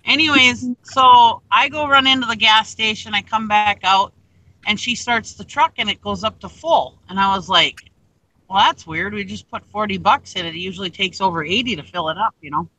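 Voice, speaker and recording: A woman hosting a casual livestream, telling a story in a lively, chatty way and acting out what people said. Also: mid-range voice, normal speed, no echo, low-quality recording. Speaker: online reseller hosting a livestream.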